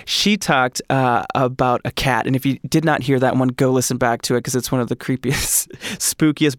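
A man hosting a podcast, chatting excitedly and joking while he reads out listener ghost stories. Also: medium pitch, smooth, dry recording, clean studio sound. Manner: excitable, gushing and jokey. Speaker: podcast host. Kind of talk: casual podcast chat and reading listener stories.

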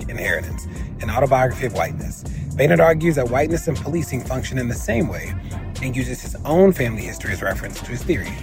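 A man hosting a podcast, talking in a relaxed, conversational way with lots of fillers. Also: medium pitch. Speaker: podcast host. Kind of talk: casual podcast chat.

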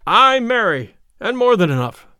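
A man voicing a burly, beaten male outlaw in a storybook reading, loud and blustering. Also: high-pitched, big pitch swings, normal speed, smooth, dry recording, studio quality, pitched above the performer's own voice, exaggerated voice. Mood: grumbling.

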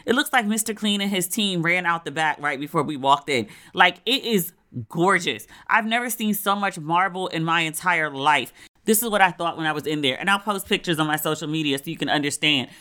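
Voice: mid-range voice, a little fast, pushed and bright. An American talking casually and candidly about their travels in a solo recording, swearing freely and acting out what others said. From United States.

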